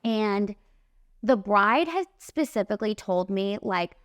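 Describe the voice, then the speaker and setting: A woman in her late twenties, a podcast host and makeup artist, telling a story in an animated, emphatic way, full of "like" and "literally.". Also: mid-range voice, slow, clear, resonant tone, dry recording, clean studio sound. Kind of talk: casual storytelling monologue.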